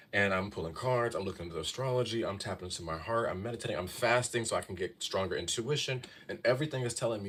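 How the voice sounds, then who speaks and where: A man's voice: sits low, fast talker, fairly bright tone, a little hiss or hum. A man in his thirties giving casual astrology advice on a live stream, talking to viewers in a chatty way and often checking in with "okay?". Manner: chatty, keeps saying "okay?" and "y'all". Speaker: astrology and tarot reader.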